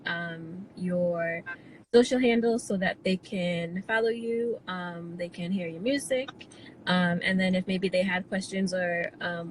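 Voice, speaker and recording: A woman hosting an interview show, asking questions in a measured, supportive way with frequent ums. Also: lowish voice, low-quality recording. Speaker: show host. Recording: faint background noise.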